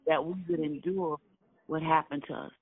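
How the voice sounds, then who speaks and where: Older guy from brooklyn telling his story, high gravelly voice, sounds like a phone line. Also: steady tone, moderate pace. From Brooklyn, New York. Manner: earnest, emphatic storyteller who repeats key phrases. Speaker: oral history interviewee. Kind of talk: personal recollection in an interview. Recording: dry, tinny phone-like line.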